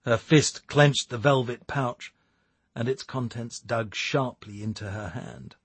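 A man giving steady, measured scripted narration of a novel. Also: mid-range voice, husky, no room sound. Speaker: audiobook narrator.

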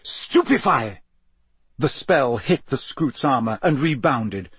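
Husky guy narrating a story, dry close sound, builds the tension. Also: medium pitch, lively intonation, measured pace, no room sound. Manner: tense, dramatic storytelling. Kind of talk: audiobook reading.

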